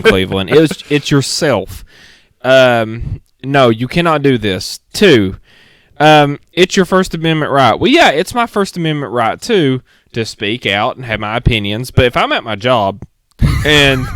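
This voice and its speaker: A man's voice: mid-range voice, very animated, unhurried, a bit bright, dry recording. A young man co-hosting a casual sports podcast, blunt and opinionated, laughing often. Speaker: podcast co-host.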